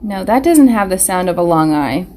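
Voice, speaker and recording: A woman's voice: lowish voice, expressive, normal speed, mellow. A young woman teaching a live online phonics lesson to small children, asking questions, answering them herself and sounding out letters with care. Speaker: preschool teacher. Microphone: webcam or phone camera.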